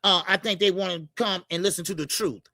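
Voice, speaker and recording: A man hosting a casual boxing livestream, greeting viewers by name and repeating "yes sir" and "all right" between shout-outs. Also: sits high, fast, gravelly, no room sound. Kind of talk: casual live-stream chat.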